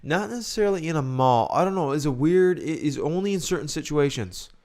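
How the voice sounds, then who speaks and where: A man's voice: fairly high pitch, expressive, a little fast, a little mellow. A young man co-hosting a podcast, chatting casually and opinionated, acting out the lines he quotes. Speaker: podcast co-host. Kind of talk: casual chat.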